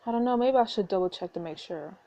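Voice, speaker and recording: A woman voicing a gentle young man who heals and reassures, reading a story game aloud in a soft, reassuring way. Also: medium pitch, fast, close to an everyday voice. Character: gentle young male doctor-like healer.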